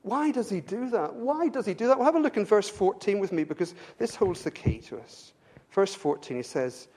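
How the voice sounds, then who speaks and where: A man's voice: expressive, moderate pace, darkish tone. An English man preaching a sermon to his congregation, earnest, repeating words as he builds to his point. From England. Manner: earnest, repeats words when stirred, pitch rises with fervor. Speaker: pastor.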